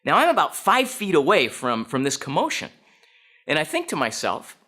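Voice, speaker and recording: A man speaks to an audience with a bright, crisp edge, his pitch swinging widely as he tells his story. He often turns to his listeners with direct questions. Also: wildly swooping pitch, moderate pace.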